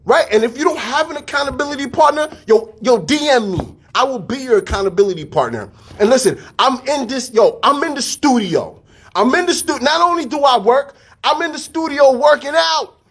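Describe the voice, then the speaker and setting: Man, husky, fairly high voice, energetic, slangy, repeats himself, motivational talk. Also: a little fast. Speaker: fitness studio staff and podcast host.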